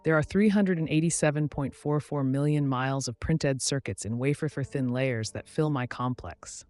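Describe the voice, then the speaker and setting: A man voicing a hateful male supercomputer, read in a flat, even way. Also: mid-range voice, moderate pace, no echo, soft background music, close to an everyday voice. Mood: cold hatred.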